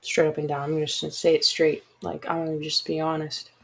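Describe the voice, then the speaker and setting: A woman's voice: sits low, completely flat delivery, brisk, creaky, husky, rough recording. A woman hosting a casual livestream, talking frankly and chattily with apologetic asides to her listeners. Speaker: podcast host.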